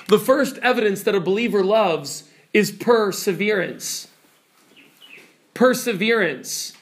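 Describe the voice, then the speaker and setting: A man's voice: high voice, expressive, unhurried, fairly bright tone. A man preaching a teaching sermon who speaks emphatically and keeps putting questions to his listeners.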